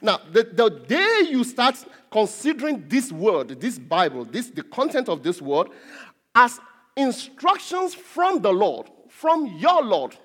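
High, lively preaching man in a reverberant hall. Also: slow pace. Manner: emphatic preaching, repeating and stressing key words. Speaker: pastor. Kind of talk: sermon.

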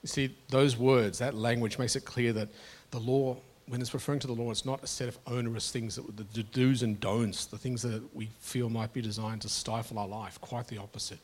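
A man's voice: mid-range voice, steady tone, a little fast, hardly any pauses, darkish tone. A middle-aged man preaching a sermon to his congregation in an earnest, conversational way, often restarting his phrases. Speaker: pastor.

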